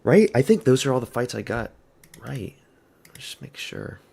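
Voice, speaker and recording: A man's voice: medium pitch, sing-song, a little slow, creaky, mellow, breathy edge. A man giving casual, rambling live reaction commentary at a fight watch party, blunt and offhand. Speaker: MMA fan host of a watch party stream.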